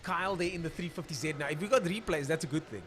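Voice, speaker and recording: A fast-talking man with a fairly high voice offers casual live commentary on a drag racing stream. He's chatty and thinks aloud, filling gaps while he looks up drivers' names.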